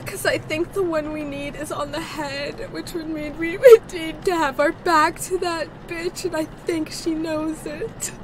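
Woman streamer, high-pitched, slow drawn-out words, frightened, screaming and swearing, horror game commentary, noisy recording. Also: fairly even intonation. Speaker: gaming streamer.

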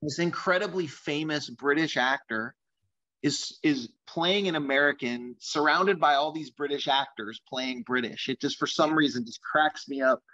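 Eager, rambling filmmaker with bright tone. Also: male voice, fairly high pitch, moderate pace, no room sound, lo-fi sound. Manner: eager and rambling, full of fillers. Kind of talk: casual enthusiastic talk in a recorded video.

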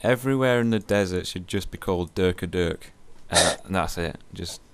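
A man's voice: deep voice, normal speed, clean tone. Jokey young gamer guy. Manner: jokey, playful banter with sudden squeals. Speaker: co-host gamer. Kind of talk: casual gaming chat.

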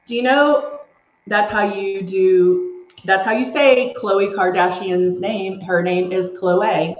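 On a casual makeup livestream, a chatty woman with a mid-range voice talks slowly and steadily through each step while reading viewer comments aloud. The room sounds echoey and the audio is slightly dull.

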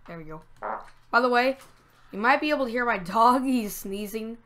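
Bright-voiced woman narrating a game excitedly. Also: mid-range voice, normal speed, long pauses, a little hiss or hum. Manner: excitable, talks to the game, sudden squeals and groans. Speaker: gameplay commentator. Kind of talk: casual let's-play commentary.

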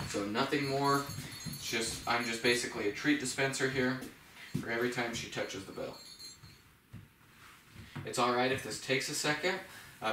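A man who trains puppies, calmly explaining a training method step by step and softly praising the dog. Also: medium pitch, heavy background noise. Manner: calm, plain explaining, with soft praise to a puppy. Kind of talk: instructional demonstration. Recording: echoey room, mic at a distance.

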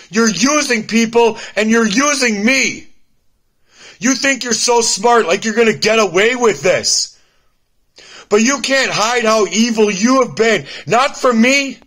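A grown child confronting a cruel mother, as a man acts it out. He speaks slowly in a bright, tense voice that keeps rising into accusation. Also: very high voice, exaggerated voice. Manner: accusing, raised voice. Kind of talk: acted confrontation in a personal video.

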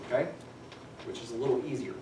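A middle-aged statistics lecturer gives a classroom lecture in a lecture room, talking fast at a medium pitch. He's chatty and digressive with dry humor, and the distant, echoey recording is very noisy.

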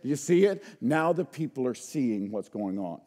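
A man preaching a sermon as pastor, calling out to the congregation and using folksy phrases and rhetorical questions, swinging from hushed asides to loud emphatic shouts. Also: medium pitch, sing-song, moderate pace. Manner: preaching with call-and-response to the congregation.

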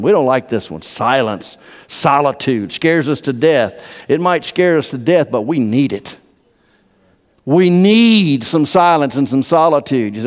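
Emphatic pastor preaching in a reverberant hall. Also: male voice, mid-range voice, lively intonation, measured pace. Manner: emphatic, swinging from hushed to loud. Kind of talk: sermon. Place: church sanctuary. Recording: long church-hall reverb.

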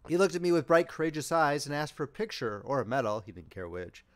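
A man reading an audiobook as narrator in dramatic, expressive storytelling. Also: a little high, quick pace. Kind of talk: scripted narration.

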